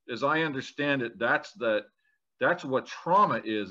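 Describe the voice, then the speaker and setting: Man with a bright, tense voice, explaining stuff thoughtfully, muffled lo-fi audio. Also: mid-range voice. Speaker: podcast co-host. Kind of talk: conversational discussion. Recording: dull lo-fi sound.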